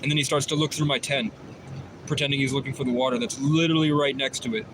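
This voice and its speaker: A man's voice: medium pitch, steady tone, quick pace. A man talks at length on a livestream, circling back over the same points and restarting his sentences. His voice sits in a middle register. Faint vehicle noise hums in the background. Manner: rambling, repetitive, many restarts. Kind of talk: livestream monologue.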